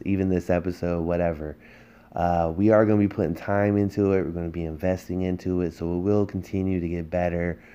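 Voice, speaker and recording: A man with a low, dark-toned voice hosts a political podcast. He rants in a heated, emphatic way and leans on rhetorical questions to drive his points home. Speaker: podcast host.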